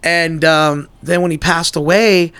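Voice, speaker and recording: A man's voice: a little high, fairly even intonation, unhurried, fairly bright tone, clear, resonant tone. A man chatting casually as a podcast co-host, telling long rambling stories and swearing freely. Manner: rambling storyteller, acts out quoted lines. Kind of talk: casual chat.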